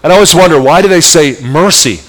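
A middle-aged male pastor preaches with animated emphasis, his fairly high voice climbing at key points and then dropping to soft asides. The sermon rings out with a long reverb from a large hall. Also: fast.

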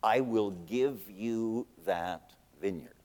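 A man's voice: fairly low pitch, slow, darkish tone, long reverb tail, pitched below the performer's own voice. A man preaching, voicing a scheming wicked queen who talks in a curt, dismissive way. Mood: scornful.

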